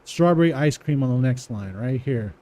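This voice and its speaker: A man walking through a coding exercise, repeating words aloud slowly as he types them and chuckling to himself. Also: mid-range voice, expressive, mellow. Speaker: coding tutorial presenter. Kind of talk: casual live coding walkthrough.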